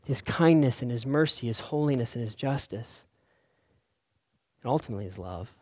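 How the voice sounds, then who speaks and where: A man's voice: medium pitch, moderate pace, pauses often, dry recording. Dry-sounding man preaching a sermon. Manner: storytelling, swings from soft to loud. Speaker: pastor.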